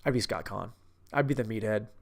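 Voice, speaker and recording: A man's voice: fairly low pitch, a little fast, creaky. A man in his thirties giving a brash, profane and rambling comedic movie review. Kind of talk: casual comedic rant.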